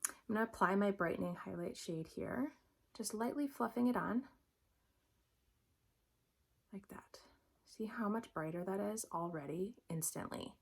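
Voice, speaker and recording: A woman's voice: medium pitch, moderate pace, creaky, husky. A young adult woman talking through a makeup tutorial in a chatty, upbeat, instructive way. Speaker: makeup vlogger.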